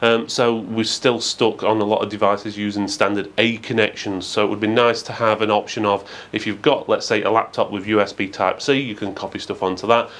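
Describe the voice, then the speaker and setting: Low-voiced man reviewing tech. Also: fairly even intonation, brisk, few pauses, fairly bright tone. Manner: methodical, matter-of-fact, with frequent "uh" fillers. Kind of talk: product review.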